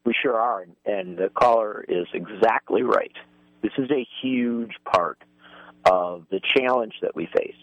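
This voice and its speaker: A man's voice: lowish voice, unhurried, dry recording. A man appearing as a political commentator on talk radio, making emphatic points with rising stress. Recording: phone line.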